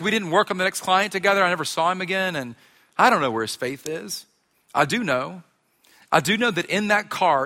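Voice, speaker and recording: A man's voice: sits high, bright, forceful tone. A man preaching a sermon, telling a story in a chatty, self-deprecating way. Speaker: pastor. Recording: reverberant hall.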